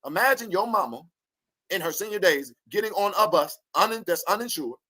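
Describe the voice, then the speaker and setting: Cussing, laughing a lot, and clearly worked up, a man delivers an animated commentary rant to his viewers as an online commentator. His voice is high-pitched and his pace moderate, on a dry recording.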